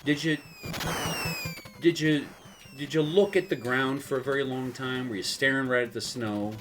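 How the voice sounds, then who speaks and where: A man quoting his father as a calm, matter-of-fact middle-aged dad on the phone. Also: mid-range voice, moderate pace, noisy background, voice pushed up, lightly acted.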